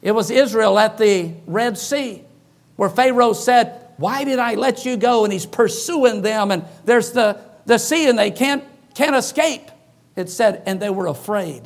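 A man's voice: high-pitched, a little slow. A man preaching as a pastor, telling personal stories and acting out the voices of the people in them. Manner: animated, acts out quoted voices. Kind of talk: sermon storytelling.

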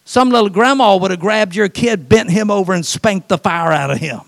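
A man preaching a sermon, telling folksy, humorous stories and laughing at them, swinging from animated to quiet and soft for emphasis. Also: high-pitched, normal speed. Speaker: pastor.

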